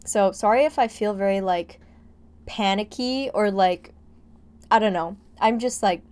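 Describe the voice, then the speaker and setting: A woman's voice: medium pitch, a little slow, a little mellow, clean tone. A young woman talks over her gameplay in a loose, rambling vlog voice, padding her sentences with "like". She sounds a bit breathless and wired from caffeine. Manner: chatty, rambling, heavy use of "like". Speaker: gaming vlogger. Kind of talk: casual voice-over commentary on a building game.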